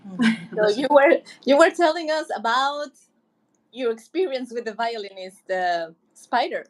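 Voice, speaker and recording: A woman's voice: fairly high pitch, lively intonation, unhurried. A woman co-hosting a podcast over a video call, chatting casually and prompting her co-host's story. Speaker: podcast co-host. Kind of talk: casual chat.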